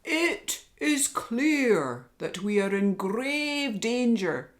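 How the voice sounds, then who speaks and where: A woman reading aloud and voicing a grave, commanding male lion who leads the forest animals, in a loud and urgent way. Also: medium pitch, sing-song, slow pace, pitched above the performer's own voice.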